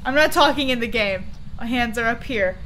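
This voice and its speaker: A woman's voice: a little high, lively intonation, moderate pace, pushed and bright. A woman streaming a horror game with friends, jumpy and squealing when scared. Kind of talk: casual gaming chat. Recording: noisy stream audio.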